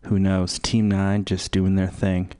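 Slow, low-voiced rambling radio man. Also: completely flat delivery, dark tone, smooth. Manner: profane, slow and meandering. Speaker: radio host. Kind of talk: rambling live radio banter.

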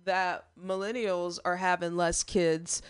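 A woman's voice: fairly low pitch, little pitch movement, slow, smooth, dry recording, clean studio sound. A woman in her thirties co-hosting a casual radio talk show, blunt and indignant, swearing freely. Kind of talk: casual chat.

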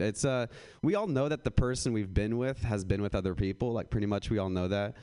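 A man's voice: fairly low pitch, fairly quick, warm tone, clean tone. A man performing a laid-back, rambling, self-deprecating stand-up comedy set on a club stage.

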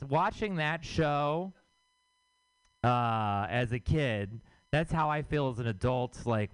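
Stand-up comic, young man, crude and rambling, smooth dry voice. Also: mid-range voice, no room sound. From Houston, Texas. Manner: crude, rambling, self-mocking. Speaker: stand-up comedian. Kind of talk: stand-up set at open mic.

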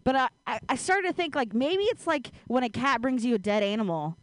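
Casting note: high-pitched woman comic, chatty and self-mocking, dry close sound. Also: animated, fairly quick, no echo. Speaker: stand-up comedian. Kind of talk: stand-up set. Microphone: handheld stage mic.

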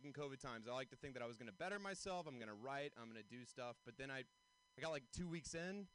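A young man doing stand-up comedy, his pitch sitting fairly high and swinging wildly. He jumps into squeaky voices for his bits. He works a handheld stage mic at an outdoor show. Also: fairly bright tone, rough recording.

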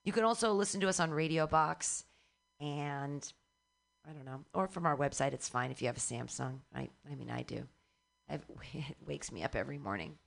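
A woman's voice: low voice, moderate pace, vocal fry. Chatty woman hosting a comedy show. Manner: chatty, rambling, laughs often. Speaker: host. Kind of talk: casual chat.

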